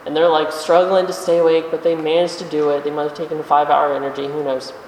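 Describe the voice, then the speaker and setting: A preacher giving a conversational sermon in a church, asking rhetorical questions and slowing down for emphasis. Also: mid-range voice, little pitch movement, darkish tone, distant mic, slight background noise. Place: church sanctuary. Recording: echoey hall, voice from afar.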